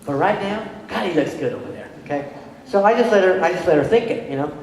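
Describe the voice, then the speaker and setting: A woman's voice: on the low side, slight background noise. A middle-aged woman and parent giving a conference presentation to an audience, telling stories conversationally and checking in with the room. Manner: animated storytelling with quick restarts. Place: large hall with an audience. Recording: very echoey hall with long reverb.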